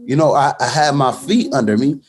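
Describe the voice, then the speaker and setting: A man's voice: medium pitch, a little fast, a little mellow. A man, a boxer as guest, telling a fight story in casual interview talk with many restarts and fillers. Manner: many restarts, storytelling, fillers like "you know what I'm saying".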